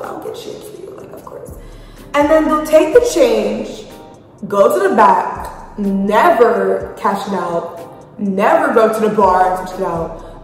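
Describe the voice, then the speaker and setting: Young woman, vlogger, storytime, slightly high voice, very echoey room, faint music behind. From Haiti. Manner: animated, profane storytelling. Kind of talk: storytime vlog.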